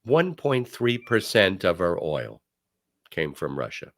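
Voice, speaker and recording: An older man hosting a talk show, telling stories and giving commentary in an emphatic, animated way. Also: low voice, slow. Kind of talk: casual commentary.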